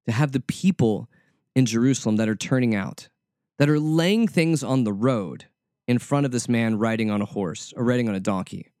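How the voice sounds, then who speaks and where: A man's voice: medium pitch, moderate pace, a little mellow, dry recording, clean studio sound. A male preacher giving a conversational sermon, informal and often repeating words as he searches for the next one.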